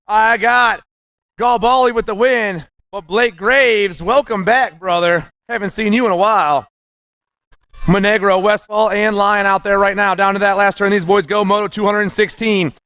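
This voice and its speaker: High-voiced, excited male race announcer. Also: moderate pace, smooth, dry recording. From USA. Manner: excited, punchy calls, nicknames, fired up. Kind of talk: live race commentary.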